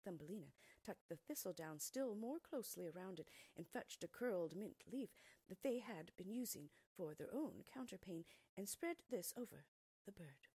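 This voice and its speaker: A woman reading a fairy tale aloud in an expressive way, often dropping to a soft near-whisper, in a husky voice, recorded on a close mic. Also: medium pitch, normal speed, dry recording. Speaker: storyteller.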